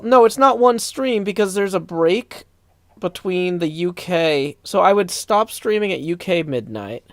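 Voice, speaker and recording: A man chatting casually on a live stream, reading chat aloud and rambling through answers on a desk mic that clips when loud. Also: a little high, clean tone, no echo, studio quality.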